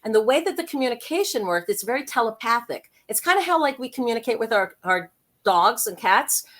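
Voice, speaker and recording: A woman guest on an interview show, telling a story in a lively, chatty way with quick asides. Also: fairly high pitch. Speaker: guest, intuitive life coach and medium.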